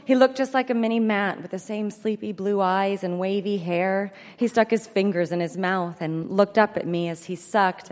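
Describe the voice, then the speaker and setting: Woman reading a comic story deadpan. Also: mid-range voice. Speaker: comedic storyteller. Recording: echoey hall.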